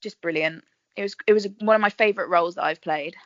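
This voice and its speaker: A woman, a guest actress chatting in a podcast interview, bubbly and quick to laugh as she tells her stories. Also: lowish voice, a bit bright, no echo, dull audio. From England. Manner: chatty, bubbly storyteller who laughs often.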